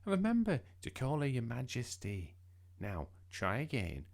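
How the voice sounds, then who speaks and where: A man voicing a strict, fussy mother in a storybook, brisk and scolding. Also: mid-range voice, huge pitch swings, vocal fry, a little mellow, voice pushed up, heavily acted. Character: fussy, strict mother coaching her son.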